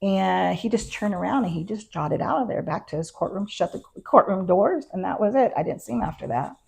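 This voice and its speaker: A woman's voice: medium pitch, fairly quick, gravelly, husky. A woman, a county constable, tells her story in an interview, acting out the exchanges and using frequent fillers. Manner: animated retelling that acts out quoted exchanges; frequent fillers like "you know" and "um". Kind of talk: first-person storytelling in an interview.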